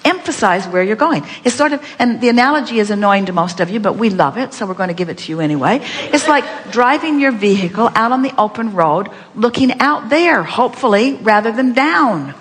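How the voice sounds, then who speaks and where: A woman's voice: a little high, lively intonation, a little fast, few pauses. A woman leading a live seminar, teaching with playful, repeated rhetorical questions. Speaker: seminar speaker. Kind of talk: inspirational workshop teaching. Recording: long hall reverb.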